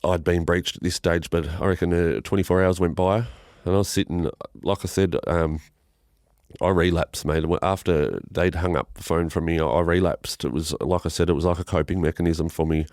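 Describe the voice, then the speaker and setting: Australian man, low register, emotional podcast guest, halting delivery, frequent swearing, dry mic. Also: steady tone, darkish tone, no echo. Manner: halting, emotional, swears often, many restarts. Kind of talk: emotional personal storytelling interview.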